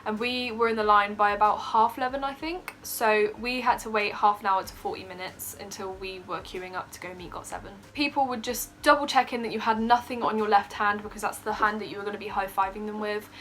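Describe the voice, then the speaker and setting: A young woman telling a story in a casual vlog, excitable and gushing, laughing often. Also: mid-range voice, fairly quick, few pauses, a little hiss or hum. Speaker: vlogger.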